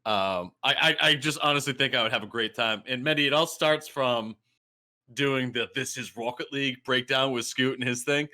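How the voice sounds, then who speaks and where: A man with a slight Boston accent co-hosts a gaming podcast in loose, animated chat. His voice is bright and forward, and he rambles and doubles back on his words as he goes. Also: medium pitch, normal speed. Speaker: podcast co-host. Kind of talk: casual chat.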